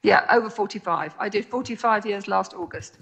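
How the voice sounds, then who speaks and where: An older woman in her sixties, from Jersey, chats casually as a guest. Her voice is bright with a gravelly edge, and she talks in a friendly, plain-spoken way. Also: medium pitch, a little fast. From Jersey, Channel Islands. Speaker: guest, nurse. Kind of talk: casual chat.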